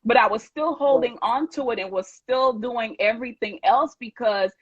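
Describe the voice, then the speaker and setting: Husky woman on a dull video call. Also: fairly high pitch, normal speed, no echo. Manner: reflective, heartfelt personal testimony. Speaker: guest, women's event organizer. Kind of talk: casual live video interview.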